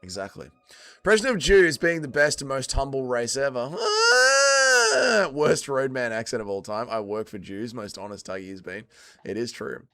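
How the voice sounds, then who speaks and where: A man's voice: medium pitch, fairly quick, a bit bright, faint music behind. A young man hosting a livestream, chatting casually and sarcastically, swearing freely and reading out chat messages. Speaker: livestream host.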